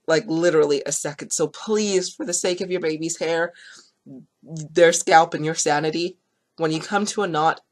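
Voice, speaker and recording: A woman hosting a casual hair care tutorial, chatty and reassuring, with lots of fillers and quick self-corrections. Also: sits low. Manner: gentle, reassuring instruction.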